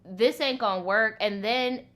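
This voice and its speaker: A woman hosting a storytime channel, reading and reacting in casual, animated, profane commentary. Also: fairly high pitch, unhurried.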